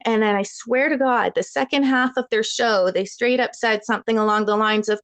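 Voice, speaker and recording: A woman's voice: medium pitch, a little fast, hardly any pauses, dry recording. A woman calling in to a live chat show, telling a long story in a rambling, chatty way and laughing often. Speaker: caller. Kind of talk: casual call-in chat. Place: at home with a child.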